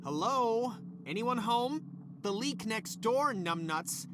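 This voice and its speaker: A high, swooping voice of a short-tempered middle-aged scientist, sarcastic and quick to snap. His pitch leaps all over as he scolds. Game sound with steady background noise behind him. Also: heavily acted. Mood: angry. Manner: snapping, sarcastic, then apologetic. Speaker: scientist boss. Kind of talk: video game voice acting.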